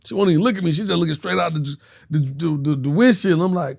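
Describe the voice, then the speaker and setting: A man's voice: a little high, quick pace, vocal fry. A man, a podcast guest telling a story in casual slang and acting out every voice. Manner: animated, slangy, acts out every voice.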